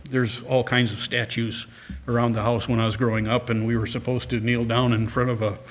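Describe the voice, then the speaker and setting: A man preaching a sermon, reading scripture aloud and rising to loud, emphatic passages. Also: medium pitch. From Catholic upbringing. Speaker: pastor.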